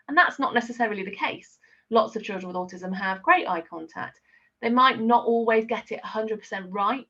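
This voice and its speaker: A woman's voice: medium pitch, fairly bright tone. A middle-aged woman teacher giving a chatty, explanatory training talk, with many fillers. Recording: dull lo-fi sound.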